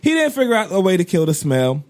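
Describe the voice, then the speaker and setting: Animated ranting man, high lively voice. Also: fast. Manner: profane, animated, ranting with laughs. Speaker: podcast co-host. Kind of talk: casual podcast rant.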